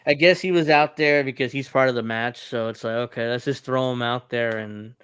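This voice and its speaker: A man's voice: medium pitch, fairly even intonation, brisk, a bit bright, clean tone, dry recording. A man hosting a podcast, recapping wrestling events in casual chat and laughing often. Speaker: podcast host.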